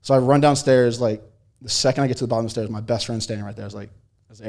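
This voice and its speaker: A young man chatting casually as a podcast guest, telling long stories in a relaxed way and laughing often. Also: mid-range voice, rapid-fire, gravelly. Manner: laid-back storytelling with frequent laughs. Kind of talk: casual chat.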